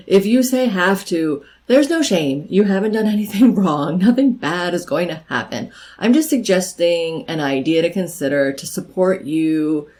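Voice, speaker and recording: A woman's voice: lowish voice, darkish tone, poor audio. A middle-aged woman giving encouraging, conversational advice straight to the camera, repeating her key phrases for emphasis. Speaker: life coach vlogger. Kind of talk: direct-to-camera advice talk.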